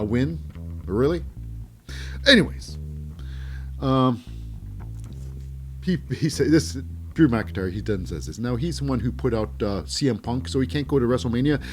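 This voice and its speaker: A man's voice: medium pitch, darkish tone. A man hosting a wrestling recap show, talking casually and cynically, rambling with hesitant fillers and mocking the wrestlers in put-on voices.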